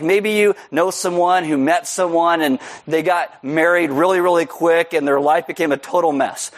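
A man delivers a sermon in a fairly high voice. He is joking and self-mocking, and he acts out stories in loud, high shouts. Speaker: pastor. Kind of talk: sermon with storytelling.

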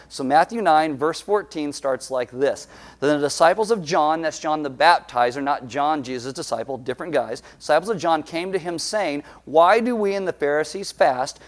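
A man preaching a sermon, telling stories with quick jokes and asides. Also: on the high side. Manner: jokey, animated storytelling with quick asides. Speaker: pastor.

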